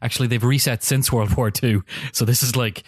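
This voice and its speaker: A man's voice: mid-range voice, steady tone, a little fast, husky, no room sound, studio quality. A man co-hosting a podcast, explaining things in a playful, casual way. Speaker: podcast co-host. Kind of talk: casual chat.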